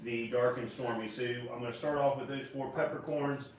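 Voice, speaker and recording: A man from Pittsburgh with an American accent, co-hosting a home cocktail stream and calmly explaining each step. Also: mid-range voice, moderate pace, slight background noise. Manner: relaxed, practical, explains steps. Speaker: co-host mixing drinks. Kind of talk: casual chat, demonstrating. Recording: echoey room, distant mic.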